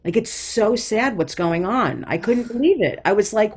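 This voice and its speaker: A woman comedian in her forties, a guest talking candidly and self-deprecatingly in quick bursts. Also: medium pitch, lively intonation, a little mellow, husky. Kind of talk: casual interview chat.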